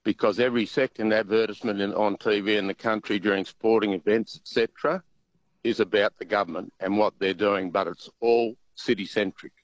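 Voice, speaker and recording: Low-voiced man on a dull line. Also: fairly even intonation, fairly quick, no room sound. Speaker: talkback caller.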